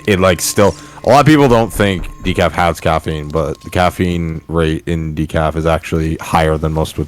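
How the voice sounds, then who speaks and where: Casting: low-voiced young guy co-hosting a stream, jokey, self-mocking, quick laugh, faint game music under him. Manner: laughs often, joking and self-deprecating. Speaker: streamer co-host. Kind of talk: casual chat.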